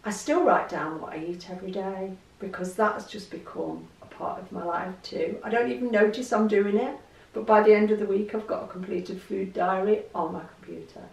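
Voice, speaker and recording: A woman's voice: mid-range voice, brisk, creaky, few pauses, darkish tone. An English woman vlogging in a chatty storytelling way, laughing easily as she talks. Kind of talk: casual chat to camera. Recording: roomy echo, distant mic.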